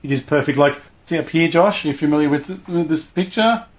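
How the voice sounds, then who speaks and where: A man's voice: fairly high pitch, a little fast. A middle-aged man chatting casually in an interview, rambling enthusiastically and acting out little voices as he talks. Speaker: guest, hobby show host.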